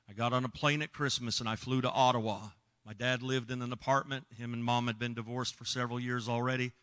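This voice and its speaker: A middle-aged man preaching, telling a personal testimony with emotion, dropping to hushed tones and rising loud. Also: mid-range voice. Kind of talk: sermon testimony.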